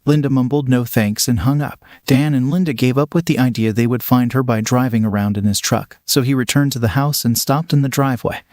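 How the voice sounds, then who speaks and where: A man's voice: mid-range voice, steady tone, a little fast, few pauses, darkish tone, no echo. Male storyteller with a dry, close voice. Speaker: narrator. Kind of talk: scripted story narration.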